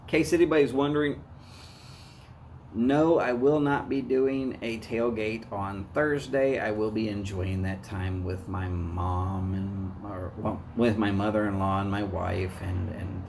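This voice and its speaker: A man's voice: on the low side, flat delivery, measured pace, vocal fry, background noise. A man with a Southern US accent hosting a live cigar review, chatting to viewers in a folksy way. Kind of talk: casual live-stream talk.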